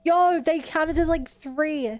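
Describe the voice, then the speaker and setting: A woman's voice: sits high, slow, a little mellow. A young woman streaming a game, chatting casually and answering her chat as she plays. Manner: chatty, reads and answers chat while playing.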